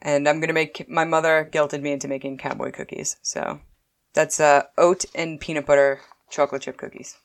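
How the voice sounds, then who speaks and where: A woman chatting casually as a co-host, telling animated stories and laughing often. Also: low voice, normal speed. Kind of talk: casual chat.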